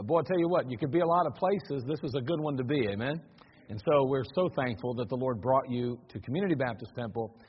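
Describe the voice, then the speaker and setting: A man with a high, slightly husky voice preaches a sermon in a church sanctuary. He talks in a loose, conversational way and then presses his points home with emphasis. The recording is dull and lo-fi, with a long reverb trailing each phrase. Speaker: pastor.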